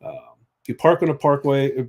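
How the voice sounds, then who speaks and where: A man at an ordinary mid pitch, co-hosting a relaxed live stream. He chats easily and reads viewer comments out loud as he goes. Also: normal speed. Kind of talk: casual live-stream chat.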